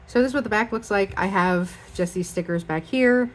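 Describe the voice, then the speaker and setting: A woman's voice: medium pitch, moderate pace, background noise. A young woman chatting casually as she shows off her planners, rambling with lots of fillers. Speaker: planner vlogger. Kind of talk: casual show-and-tell chat.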